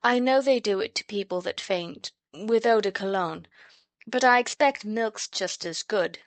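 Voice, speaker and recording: A woman voicing a gentle, sensible eldest sister in a storybook reading. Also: medium pitch, unhurried, no room sound, lightly acted. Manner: gentle, practical.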